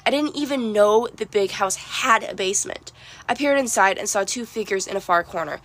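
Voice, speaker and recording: A woman reading a first-person storybook narration, expressive and lively. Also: mid-range voice. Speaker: audiobook narrator.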